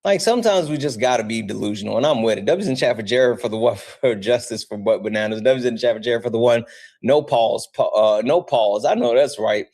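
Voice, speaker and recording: A young man hosting a casual livestream, talking straight to his chat and reading out donations as they come in. His voice sits at an ordinary pitch, and he keeps things loose, animated and full of offhand swearing. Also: fairly quick. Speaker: livestream host.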